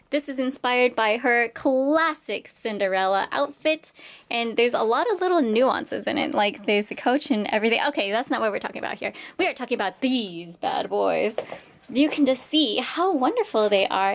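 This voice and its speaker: A young woman filming a casual unboxing vlog in her home workshop, bubbly and quick to squeal and giggle with excitement. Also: a little high. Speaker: vlogger.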